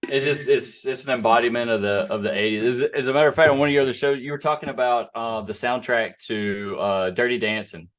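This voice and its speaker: A man's voice: mid-range voice, fairly even intonation, quick pace, few pauses, a bit bright. Chatty man, guest on a movie chat. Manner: chatty, laughs often, trails off mid-thought. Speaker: podcast guest. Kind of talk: casual movie watch-along chat.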